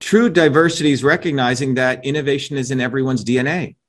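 A forceful male guest makes his case in an interview. He talks at an average pitch, presses every point with emphasis and keeps checking for agreement as he goes. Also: quick pace. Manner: emphatic, combative, repeats "right?" for agreement. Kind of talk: opinionated interview talk.

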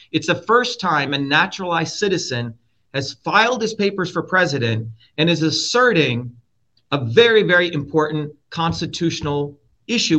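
Forceful, profane man with a bright voice. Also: fairly high pitch. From India. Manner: forceful, blunt, profane, repeats points. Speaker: guest, presidential candidate. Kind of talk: heated interview talk. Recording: dull lo-fi audio.

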